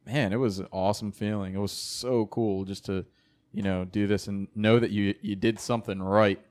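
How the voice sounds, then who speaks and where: A man chatting casually as a podcast co-host, telling jokes with a deadpan delivery. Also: on the low side, moderate pace. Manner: deadpan, joking. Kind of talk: casual banter.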